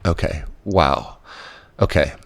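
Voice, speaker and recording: A man hosting a podcast interview, talking slowly and reflectively, gently affirming his guest. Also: a bass voice, vocal fry, no room sound. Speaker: podcast host. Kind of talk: conversational interview.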